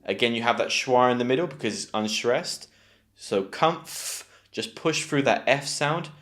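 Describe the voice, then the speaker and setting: Speaking at a normal speed with medium pitch and a slightly bright tone, a British-accented man runs a scripted online English pronunciation lesson. He enunciates carefully and encourages learners to repeat words after him.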